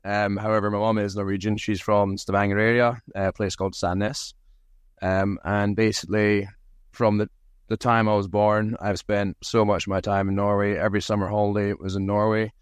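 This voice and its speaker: A man's voice: lowish voice, flat delivery, normal speed, clear, resonant tone, no room sound, clean studio sound. A man from Aberdeen with a Scottish accent, telling easygoing, self-deprecating stories as a podcast guest. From Aberdeen, Scotland. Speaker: podcast guest, rugby team captain. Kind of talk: casual interview storytelling.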